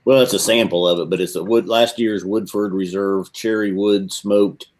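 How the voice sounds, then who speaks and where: Guy with a low voice, laid back, explaining the rules to his buddies. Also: steady tone, moderate pace, darkish tone. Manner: explains rules in an easy, matter-of-fact way. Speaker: whisky show host. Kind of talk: casual chat.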